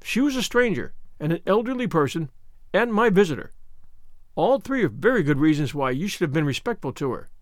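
A stern spinster from a storybook, as voiced by a man, scolding in crisp, reproving tones. The voice sits fairly high and lively, close to the mic in a dry room. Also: a little fast, dry recording. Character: stern, dry middle-aged spinster woman.

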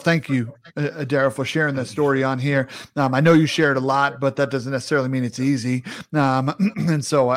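Male host, mid-pitched voice, reflective, halting speech full of fillers. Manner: thoughtful and hesitant, many fillers. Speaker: podcast host. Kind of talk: reflective conversation.

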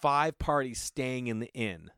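A man's voice: unhurried, clean tone, no echo, studio quality. A middle-aged man telling a long comic story, acting out the voices of the people in it. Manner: animated, acts out quoted friends with big pitch jumps. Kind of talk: storytelling stand-up.

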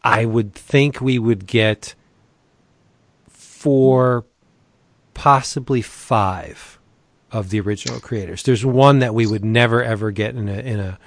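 A man's voice: medium pitch, takes it slowly, creaky, no room sound. A man hosting a comics podcast with playful, showy banter. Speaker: podcast host. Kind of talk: casual chat.

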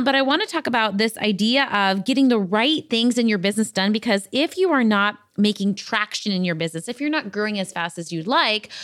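A woman in her thirties hosting a podcast in an impromptu casual chat, her voice slightly raspy from a cold, rambling and often checking in with listeners. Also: mid-range voice, a bit bright. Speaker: podcast host.

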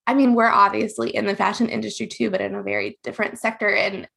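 Woman, podcast host, gushing, enthusiastic, vocal fry, husky. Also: little pitch movement, fast talker, fairly bright tone. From US South. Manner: gushing, enthusiastic, with big pitch jumps. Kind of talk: podcast interview.

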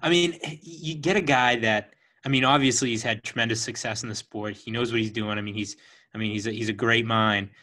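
A man's voice: fairly low pitch, fairly even intonation, pushed and bright. Casting: upbeat male interviewer, keen and complimentary, easygoing talk. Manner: enthusiastic, quick to praise. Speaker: podcast host. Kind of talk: casual interview.

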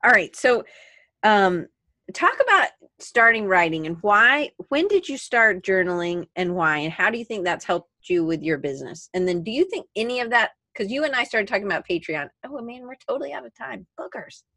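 A woman hosting a casual podcast interview, offering opinions and quick asides. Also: mid-range voice, animated, pushed and bright, dry recording. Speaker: podcast host.

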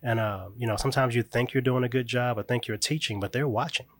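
A man's voice: mid-range voice, fairly even intonation, fast, a bit bright, dry recording. A man talking earnestly about raising his young son, telling stories in a reflective way. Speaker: grieving father, guest. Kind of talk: casual conversation.

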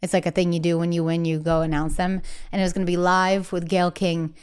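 Animated woman telling stories with clear tone. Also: on the low side, fast talker. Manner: animated, acts out quotes in other voices, laughs often. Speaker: guest singer. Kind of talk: casual interview chat.

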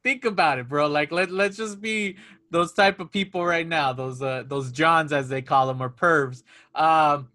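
A man's voice: on the high side, measured pace, bright, forceful tone. A man chatting casually about a movie, chiming in with jokes and laughing a lot. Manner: joking, chimes in, laughs a lot. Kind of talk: casual movie recap chat.

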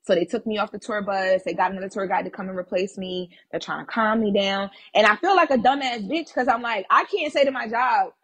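A woman guest on a podcast, telling a personal story in a casual, animated and blunt way, swearing freely. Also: medium pitch, a little fast, few pauses, slightly rough.

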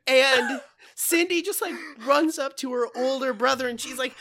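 A man co-hosting a podcast, excitedly retelling a story in casual, swearing, laughing chat. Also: very high-pitched, unhurried. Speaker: podcast co-host.

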